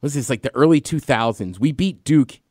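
A man's voice: medium pitch, lively intonation, normal speed, a little mellow, no echo, clean studio sound. A man in his thirties chatting casually as a podcast co-host, telling rambling stories and laughing often. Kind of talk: casual chat.

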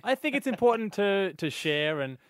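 A man's voice: high voice, sing-song, normal speed, dry recording. A man in his twenties co-hosting a radio show in a studio, chatty and cheeky, often laughing as he talks. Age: 20s. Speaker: radio co-host. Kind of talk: casual radio banter. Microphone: studio mic.

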